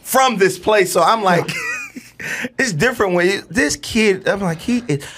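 A man from Chicago, a comedian guest, telling stories in an excitable way and acting out his family scenes. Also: high-pitched, measured pace, slight background noise. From Chicago, USA. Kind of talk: animated comic storytelling.

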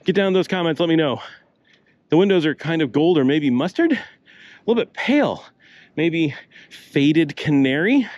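A man's voice: fairly high pitch, a little mellow, dry recording, muffled recording. Older man narrating a walk, breathing hard. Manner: chatty, rambling asides. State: breathing hard with a slight cough. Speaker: travel vlogger. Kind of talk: casual walking-tour narration. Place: city streets outdoors, walking.

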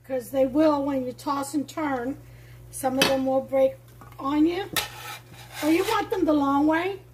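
A woman with a Brooklyn accent hosting a home cooking show, chatting warmly to viewers as she demonstrates a recipe. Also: sits high, measured pace, background noise. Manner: chatty, enthusiastic, talks to viewers. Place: home kitchen.

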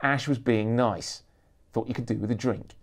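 A big, harsh-voiced bodyguard who growls his words, as a man reading aloud puts him on. He stays gruff and dry, never fazed. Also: medium pitch, steady tone, moderate pace, lightly acted. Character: gruff hulking male bodyguard, dry humor.

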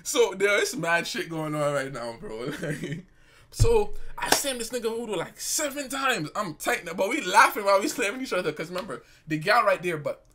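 A man's voice: sits high, pushed and bright. A young man streamer telling a story in casual slang, often bursting into laughter. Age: young adult. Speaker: live streamer.

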